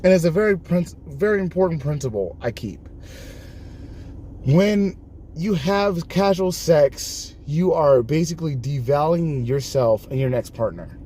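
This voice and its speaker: Brief: male live streamer, high voice, very lively pitch, chatty and laughing, acts out quotes, faint hiss under the voice. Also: measured pace. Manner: animated storytelling, laughing often, acting out quoted exchanges. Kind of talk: casual chat on a live stream.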